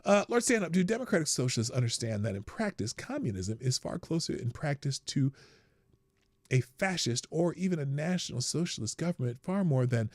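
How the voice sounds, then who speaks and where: A man's voice: very animated, a little fast, dry recording, studio quality. A man hosting a live stream, reading viewer questions and answering them in a blunt, profane, joking way, often laughing at himself. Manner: profane, blunt, laughs at his own jokes, swings from low mutter to loud outbursts. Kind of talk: casual unscripted chat.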